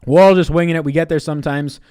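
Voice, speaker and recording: A man's voice: fairly high pitch, steady tone, fast talker, warm tone, clear, resonant tone. A man in his twenties on a casual live stream, giving fantasy basketball picks and answering chat in a loose, profane way. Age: 20s.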